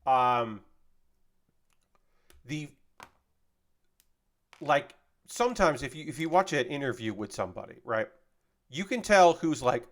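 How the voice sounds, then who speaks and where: A man's voice: mid-range voice, animated, takes it slowly, long pauses. A man chatting casually on a live stream while building LEGO, rambling and swearing freely as he reads out chat messages.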